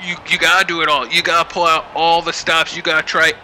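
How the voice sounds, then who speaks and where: A man doing excited play-by-play wrestling commentary as host of his channel, building up to shouts at the big moments. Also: fairly high pitch, fast, a little hiss or hum.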